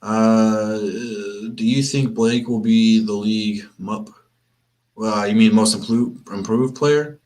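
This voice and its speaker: Speaking slowly in a fairly low, steady, slightly mellow voice, this young Flint, Michigan man hosts a live sports watch-party stream. He rambles casually and chattily, with lots of restarts and repetition, keeping it laid-back.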